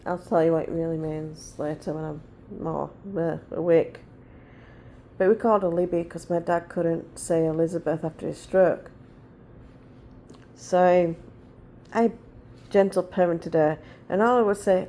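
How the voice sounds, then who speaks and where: A woman's voice: lowish voice, fairly even intonation, unhurried, dark tone. A woman in her forties chatting casually to her viewers, blunt and rambling as she tells stories. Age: 40s. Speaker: vlogger. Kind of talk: casual chat.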